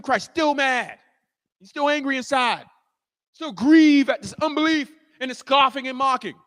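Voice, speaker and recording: A man preaching a sermon as pastor, telling the story in animated fashion, acting out the scene and rising to shouts. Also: very high voice, moderate pace, in a large hall.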